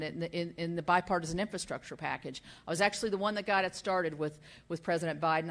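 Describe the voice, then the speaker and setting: An older woman, a senator, giving a speech at a business summit, telling stories in a folksy way with many fillers and restarts. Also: low-pitched.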